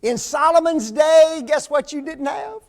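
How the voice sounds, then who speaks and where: A man's voice: very high-pitched, measured pace, creaky. A man preaching a folksy sermon in a church, often putting questions to the congregation.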